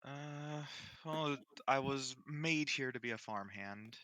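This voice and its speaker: A man's voice: medium pitch, takes it slowly, sharp tone, dry recording, poor audio. A man playing a tabletop game, speaking casually and hesitantly with some joking. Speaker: player.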